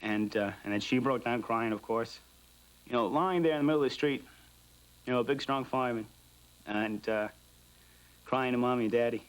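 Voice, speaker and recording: A man's voice: mid-range voice, moderate pace, long pauses, smooth, poor audio. A man, a firefighter, telling his story candidly and with feeling in a documentary interview, acting out the dialogue. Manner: candid, emotional retelling with lively quoted dialogue. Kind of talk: first-hand account in a documentary interview.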